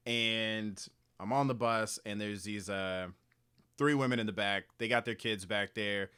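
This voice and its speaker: A young man co-hosting a casual podcast, telling stories in a relaxed way and swearing casually. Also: on the low side, unhurried, clear, resonant tone. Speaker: podcast co-host. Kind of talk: casual storytelling chat.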